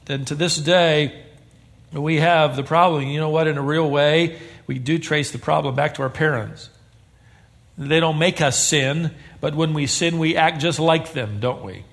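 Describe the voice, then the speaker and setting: A man's voice: on the high side, unhurried, gravelly. A man preaching a sermon to a church congregation, telling stories with humor. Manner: animated storytelling with humor. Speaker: pastor.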